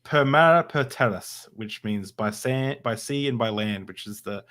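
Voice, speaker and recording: A man's voice: lowish voice, measured pace, a bit bright. A man hosting a podcast interview, chatting casually, laughing often and stopping on fillers. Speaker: podcast host.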